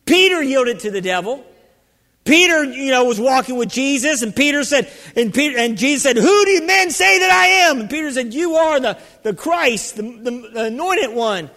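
Male preacher, very high voice, fervent and call-and-response, long hall reverb. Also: animated, normal speed, fairly bright tone. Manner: fervent, calls out to the congregation. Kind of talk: sermon.

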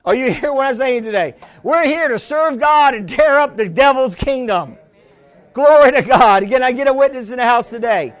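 A man preaching a sermon who keeps restarting, calls out to the congregation, and rises into shouted passages. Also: extremely high pitch, lively intonation, moderate pace. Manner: fervent, builds to shouts, calls for a witness.

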